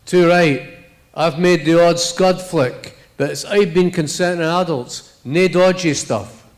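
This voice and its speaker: A man's voice: fairly high pitch, takes it slowly. A middle-aged man with a Scottish accent giving a live reading of his fiction in a blunt, profane, swaggering first-person voice.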